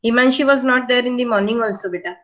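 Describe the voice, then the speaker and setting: Indian English woman teacher, slightly high voice, patient and repetitive, coaching pupils through reading. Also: fast, fairly bright tone, lo-fi sound. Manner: patient, repeats instructions, prompts and corrects pupils. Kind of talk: online reading class.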